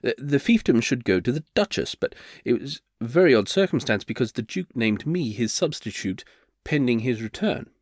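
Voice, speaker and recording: A man's voice: mid-range voice, big pitch swings, moderate pace, dry recording, studio quality. A man voicing a flustered male bard turned reluctant duke, who stammers and hesitates nervously.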